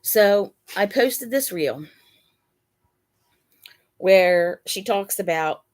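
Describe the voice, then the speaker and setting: A woman's voice: mid-range voice, expressive, very slow, a little mellow. A woman hosting a casual live chat from her bed at home, emotional and close to tears. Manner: talks to her pets mid-stream. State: dry mouth. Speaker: channel host.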